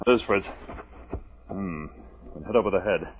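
An actor playing a calm, steady Mountie sergeant hero in 1940s radio acting. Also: male voice, low voice, measured pace, slightly rough, narrow, tinny audio. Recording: old radio broadcast, phone-thin, very noisy.

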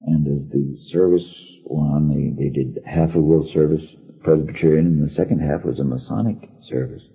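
Older man with a very deep voice. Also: gravelly, mellow. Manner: unhurried, wry storyteller. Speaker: radio actor reminiscing. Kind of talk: anecdotal storytelling. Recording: dull lo-fi archive recording.

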